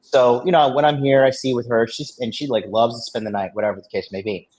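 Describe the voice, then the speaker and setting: A man in relaxed chat with a mid-range voice, spinning a long anecdote. He brags and swears freely and rambles through fillers and false starts. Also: mid-range voice, quick pace. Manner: loose, rambling, full of fillers and restarts. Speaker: storyteller in a men's dating discussion. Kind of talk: casual storytelling.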